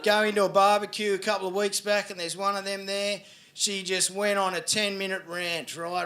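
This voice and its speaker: A man's voice: sits high, fairly even intonation, normal speed, bright, forceful tone. A middle-aged Australian man doing a brash stand-up comedy set, swearing freely and asking the crowd to agree with him. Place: live comedy venue with audience. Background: audience laughter.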